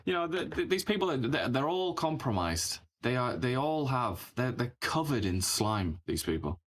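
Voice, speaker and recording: A man's voice: medium pitch, sing-song, moderate pace, a bit bright. A man co-hosting a political talk show, speaking scornfully and sarcastically in casual chat. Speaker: co-host.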